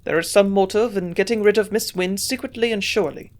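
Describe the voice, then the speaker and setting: A woman voicing a gruff old male German scientist with a strong German accent, grunting out his lines louder than her narration. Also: mid-range voice, fairly quick, natural voice. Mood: insistent.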